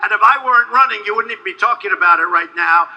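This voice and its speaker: A man giving a rambling, boastful campaign rally speech, repeating himself and sometimes shouting. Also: sits high, fast talker, vocal fry, highs cut off. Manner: shouts at times to a crowd. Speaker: political candidate.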